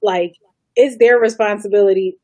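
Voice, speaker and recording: A woman's voice: medium pitch, steady tone, moderate pace, darkish tone, no echo. A woman hosting a casual chat with friends, telling stories and mimicking the people she quotes. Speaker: host.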